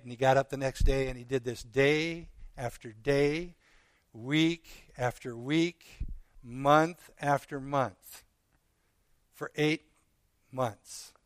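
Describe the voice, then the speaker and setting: A man preaching, telling a parable with earnest, slow dramatic pauses. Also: medium pitch, no echo. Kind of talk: sermon storytelling.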